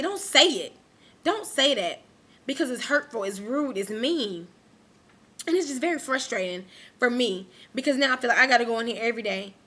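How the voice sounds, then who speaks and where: A woman's voice: fairly high pitch, pushed and bright. A young woman vlogging an angry rant to her camera, emphatic and repeating herself.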